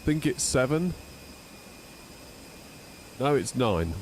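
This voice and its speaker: A man chatting casually while streaming a flight sim at home, voice jumping high when he gets indignant. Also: very animated, extremely slow, a little hiss or hum. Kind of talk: casual live-stream chat.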